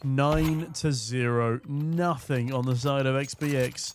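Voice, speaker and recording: A hoarse young man casting an esports match from a booth, with quick, joking play-by-play. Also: medium pitch, fairly even intonation. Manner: quick, jokey, punning play-by-play. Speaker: esports caster. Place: casting booth at a live event.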